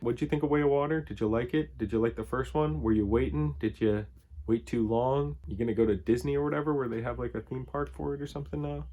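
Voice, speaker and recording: A man talking through a movie review for his channel in a loose, off-the-cuff way. His voice sits at an ordinary middle pitch. He wanders between thoughts, hedging with fillers as he goes. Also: fast talker, muffled recording. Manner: rambling, laid-back, heavy on "like" and "I don't know". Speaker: film reviewer and channel host. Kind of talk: casual unscripted vlog review.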